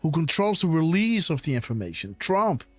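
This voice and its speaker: High-voiced man, insistent live commentary. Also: very animated, normal speed, no room sound, faint music behind. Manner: insistent, rhetorical, keeps saying "guys" and "right?". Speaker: host of a live decode show.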